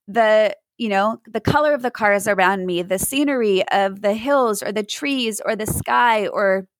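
A woman's voice: on the high side, no echo, poor audio. A woman giving mindfulness advice to parents in an interview, earnest and acting out examples as she explains.

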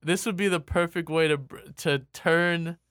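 Bright-voiced man chatting casually. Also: a little high, fairly even intonation, moderate pace, clear, resonant tone, no echo, studio quality. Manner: rambling, full of "like" and restarts. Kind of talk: casual chat.

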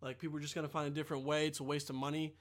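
A man imitating a blunt, fed-up guy he met at a motel, muttering low and quickly. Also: little pitch movement, close to an everyday voice. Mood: grumbling.

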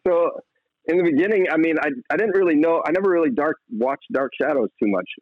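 A man's voice: on the high side, fast talker, no room sound, narrow, tinny audio. A young man, an actor, talking casually in an interview, rambling and laughing often. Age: young adult. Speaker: actor guest.

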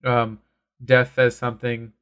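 A man in casual chat about a comic, talking excitedly with many fillers and some swearing. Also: mid-range voice, smooth. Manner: excited, fast, full of filler words and swearing. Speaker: comic discussion co-host.

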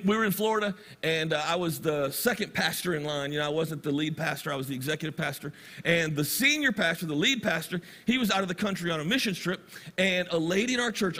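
A middle-aged man preaching from the pulpit, his voice high and bright. He tells stories and reads scripture with animated energy, drawing out key words slowly for emphasis. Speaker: pastor. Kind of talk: sermon.

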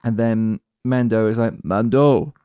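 A man hosting a casual podcast chat, lively and acting out quoted lines in little voices. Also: mid-range voice, moderate pace, no echo. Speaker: podcast host.

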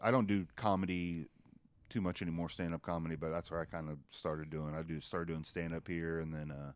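Low-voiced laid-back man, hesitant. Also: little pitch movement, brisk, clean tone, no room sound. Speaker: podcast guest, comedian. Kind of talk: casual chat.

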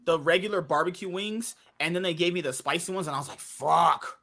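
A man's voice: on the high side, a little fast, gravelly, over a noisy crowd. A man hosting a podcast in casual chat, trading crude jokes and steering the conversation. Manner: joking, crude banter, then steering the topic. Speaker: podcast host.

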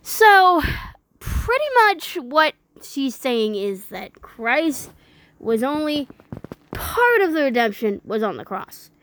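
A woman reading a critique aloud and breaking off into indignant, incredulous commentary, with some halting restarts. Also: sits high, fairly bright tone, slight background noise. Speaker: religious commentator.

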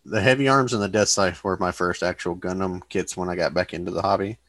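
A man's voice: low-pitched, steady tone, fast talker, fairly bright tone, slight background noise. A man chatting casually about building model kits, easygoing and rambling. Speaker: model kit hobbyist on a group chat show. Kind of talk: casual chat.

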